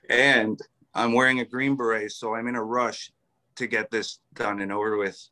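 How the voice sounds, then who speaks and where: A man's voice: mid-range voice, flat delivery, unhurried, bright, forceful tone. A man who served in the army, telling stories as a podcast guest, rambling with fillers, restarts and frequent laughs. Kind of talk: casual storytelling interview.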